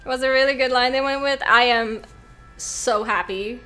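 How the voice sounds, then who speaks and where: A woman's voice: on the high side, fairly even intonation, normal speed, pushed and bright, soft background music. A woman streaming a video game, talking emotionally and effusively to her viewers. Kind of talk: live gameplay stream commentary.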